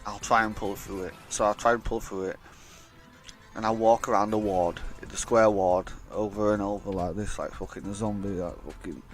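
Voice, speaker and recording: A man's voice: fairly low pitch, steady tone, moderate pace, faint music behind. A young man telling a rambling, blunt, sweary story in a casual vlog. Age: young adult. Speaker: vlogger.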